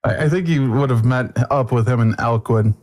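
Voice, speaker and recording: A man's voice: medium pitch, moderate pace, a little mellow. A man running a tabletop game as game master, narrating loosely with plenty of fillers. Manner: loose, rambling, with many fillers.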